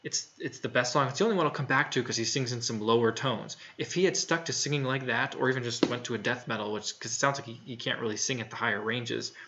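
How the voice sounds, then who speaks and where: A man's voice: medium pitch, quick pace, few pauses, pushed and bright, highs cut off, a little hiss or hum. A man talking casually through a music review in a frank, plainspoken way, with lots of fillers and restarts. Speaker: album reviewer.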